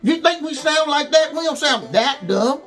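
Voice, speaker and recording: Rich: A man putting on a dim-witted redneck bigot who talks in a high, pinched voice pushed well above his usual pitch. He is indignant and exaggerated, with a mocking, overdone delivery. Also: lively intonation, normal speed, a bit bright, faint music behind, exaggerated voice.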